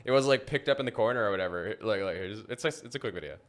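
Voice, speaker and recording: A man's voice: fairly low pitch, animated, very fast, background noise. A man hosting a podcast in casual chat, rambling with lots of fillers and frequent laughter. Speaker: podcast host. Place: podcast studio.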